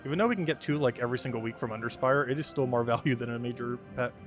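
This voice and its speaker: A man speaks in a mid-range voice at a very fast clip over background music. He's a live streamer chatting casually as he plays, answering his chat and laughing often in loose gameplay commentary.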